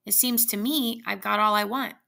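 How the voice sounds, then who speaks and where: A curious, eager old man presses with questions, read aloud by a woman. The voice sits a little raised, heavily gravelly and bright. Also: mid-range voice, fairly even intonation, moderate pace.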